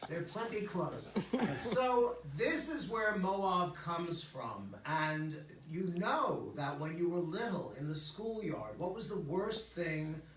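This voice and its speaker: Brief: older male rabbi, casual joking sermon, bright slightly high voice, distant mic in an echoey sanctuary. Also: sing-song, slow, hardly any pauses. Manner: joking, conversational, lots of okays and asides. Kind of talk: informal sermon. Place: synagogue sanctuary. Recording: echoey hall, distant mic, faint hum.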